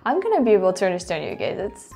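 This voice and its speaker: A French woman hosting and reacting aloud, animated and quick to exclaim and laugh. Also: mid-range voice, soft background music. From France. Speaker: host. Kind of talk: casual reaction commentary.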